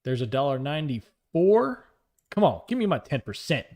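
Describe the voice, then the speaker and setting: A man's voice: a little high, sing-song, moderate pace, darkish tone. A man on a live trading stream, calling out prices, coaxing the market and joking with chat. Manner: talks to the market and reads chat aloud, joking and upbeat.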